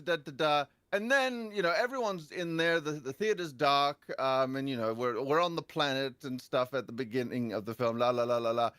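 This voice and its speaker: A young man tells a comic story on a casual podcast panel. He swears often, and his voice swings widely in pitch and loudness. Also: dry recording. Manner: animated, profane, big swings in pitch and volume. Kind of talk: comedic storytelling in casual chat.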